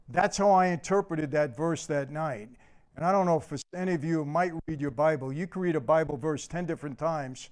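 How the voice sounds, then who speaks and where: An older man gives a personal testimony as a motivational speaker, earnest and direct with his audience. His voice sits a little high for a man. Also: brisk, clean tone. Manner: earnest storyteller, addresses the audience as people.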